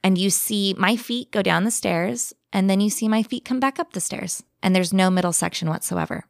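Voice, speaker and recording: A woman telling a personal paranormal story in a casual chat, animated, shifting her pace for effect. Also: mid-range voice, gravelly, dry recording, clean studio sound. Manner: animated, vivid, speeds up and slows down for effect. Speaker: guest telling a ghost story.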